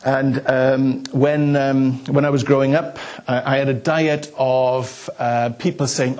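A man's voice: mid-range voice, level tone, takes it slowly, hardly any pauses, a little mellow. A man, from Wales, preaching a sermon as pastor and telling stories with asides to the congregation. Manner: chatty storytelling with asides to the congregation.

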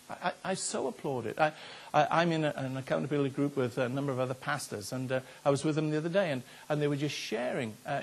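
A man's voice: fairly high pitch, vocal fry, breathy edge. An older man, a pastor preaching a sermon in an earnest, conversational way, often repeating his words. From Wales.

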